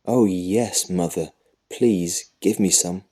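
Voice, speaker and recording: A man's voice: low-pitched, slow, warm tone. A man voicing a sly little boy who sounds sweetly polite and innocent, in an audiobook story for children.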